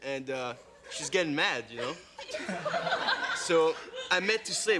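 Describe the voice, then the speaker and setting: A man's voice: fairly high pitch, lively intonation, unhurried, long pauses, noisy background. A young man from the French West Indies, speaking with a French Caribbean accent, telling a story good-humoredly as a dating show contestant. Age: young adult.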